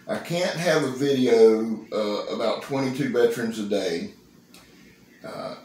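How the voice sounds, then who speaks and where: Excitable man in his fifties. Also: fairly low pitch, a little hiss or hum. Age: 50s. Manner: excitable, folksy, joking. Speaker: knife reviewer. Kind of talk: casual knife-review vlog. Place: indoor room. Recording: roomy, echoey sound.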